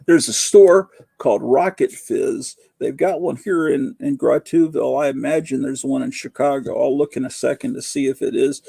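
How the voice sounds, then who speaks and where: A man's voice: mid-range voice, normal speed, creaky, hardly any pauses, dark tone, husky, no room sound. A man hosting a live-stream chat, rambling and reading viewer comments aloud. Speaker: host.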